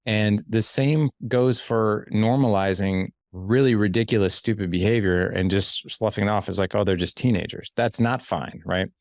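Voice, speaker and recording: A man's voice: fairly low pitch, normal speed, few pauses, no room sound, studio quality. A man in his forties hosting a podcast interview, talking emphatically and often repeating words as he thinks. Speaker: podcast host. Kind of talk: casual interview chat.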